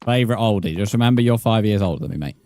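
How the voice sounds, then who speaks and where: A man's voice: lowish voice, animated, racing, warm tone. A man in his twenties, streaming a game live and chatting casually with viewers, swearing often. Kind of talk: casual live gameplay commentary.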